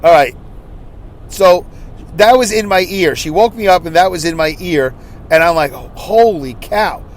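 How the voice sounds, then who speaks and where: Animated man ranting in a casual monologue. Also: sits high, normal speed, slight background noise. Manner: animated, rambling storyteller who slips into impressions. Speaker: podcast host.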